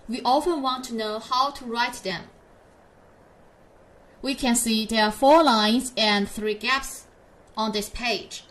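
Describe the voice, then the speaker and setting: A woman's voice: a little high, fairly bright tone. A woman teaching a pinyin lesson in English, patiently modelling each syllable for learners to repeat. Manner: slow, patient, drawn-out model syllables for repetition. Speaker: Chinese teacher.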